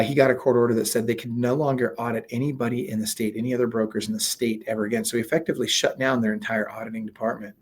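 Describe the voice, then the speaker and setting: Guy on an interview telling his story, animated, middle pitch, um-ing a lot. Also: slightly rough. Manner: animated storyteller, acts out quoted dialogue; frequent fillers and restarts. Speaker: guest, real estate coach.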